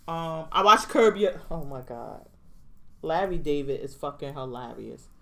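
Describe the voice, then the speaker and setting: A woman co-hosting a podcast, chatting casually about TV, giggly and quick with her exclamations. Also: low voice, lively intonation, vocal fry. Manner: giggly, exclaims often, repeats herself. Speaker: podcast co-host.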